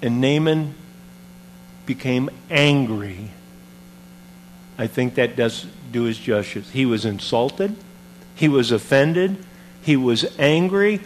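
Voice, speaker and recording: A man preaching a sermon, retelling a Bible story in an animated, conversational way with modern comparisons. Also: mid-range voice, slow, long pauses, a little hiss or hum.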